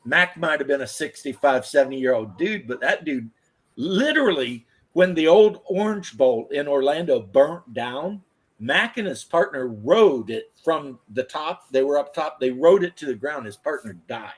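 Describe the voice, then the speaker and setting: A man's voice: a little high, expressive, normal speed, husky. A man in his thirties, a former firefighter, telling rambling, profane stories in casual chat. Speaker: podcast host, former firefighter.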